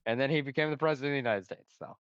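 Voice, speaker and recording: Fast-talking sarcastic man, dull dry audio. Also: mid-range voice, a bit bright, dry recording. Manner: teasing, sarcastic. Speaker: podcast co-host. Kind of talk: casual chat.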